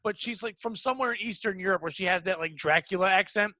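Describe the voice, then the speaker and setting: A man's voice: high-pitched, quick pace, no echo. A man hosting a podcast, telling comic stories in casual chat and acting out the people in them. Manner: animated storyteller acting out quoted people. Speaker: podcast host.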